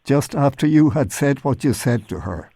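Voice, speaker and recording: A male host with a warm, husky voice and some gravel in it asks careful, halting questions. His pitch moves a lot as he speaks, and the sound is close and dry. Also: lively intonation, no room sound. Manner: gentle, halting questions with restarts. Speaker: podcast host. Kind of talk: interviewer asking follow-up questions.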